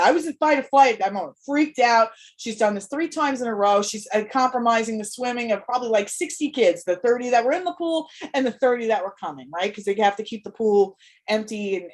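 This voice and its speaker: A woman in her thirties hosting a live Q&A as a parenting coach, talking candidly and emotionally, swearing freely and checking in with "right?". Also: medium pitch. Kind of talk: casual live-stream talk.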